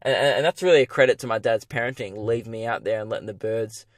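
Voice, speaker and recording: A young Australian man hosting his podcast, telling a comic story in an animated, profane, self-mocking way. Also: on the low side, fast talker, no echo, clean studio sound. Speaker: comedian and podcast host.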